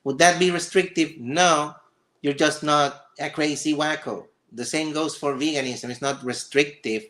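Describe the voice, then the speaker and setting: A man hosting a livestream, reacting to a video with sarcastic, exasperated commentary and excited stammering. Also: on the high side, measured pace. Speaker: livestream host.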